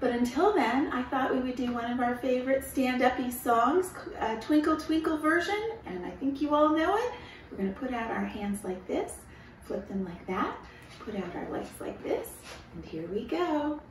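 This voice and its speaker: A woman at home leading a gentle, encouraging children's movement and singing lesson. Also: high-pitched, expressive, normal speed, far from the mic, slight background noise. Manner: gentle, encouraging, sings along. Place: her home. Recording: roomy, from away from the mic.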